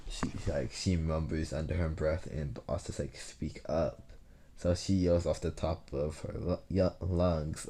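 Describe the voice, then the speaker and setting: A young man casually retelling a fan-made story, rambling and halting with many fillers and restarts. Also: a bass voice, fairly even intonation, dark tone, a little hiss or hum.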